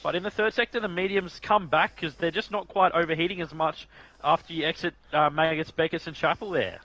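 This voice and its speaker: Bright-voiced, chatty man commentating racing. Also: fairly high pitch, steady tone, brisk, no room sound, muffled recording. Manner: chatty and jokey, keeps saying "mate". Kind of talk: casual sim racing commentary.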